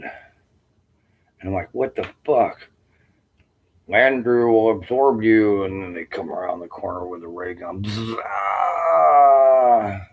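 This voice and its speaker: A man in his late fifties with a somewhat low voice rants on in a loose, rambling way. He sounds aggrieved and swears constantly as he wanders from one complaint to the next. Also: poor audio. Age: 50s. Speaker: army veteran ranting to camera. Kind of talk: rambling personal rant.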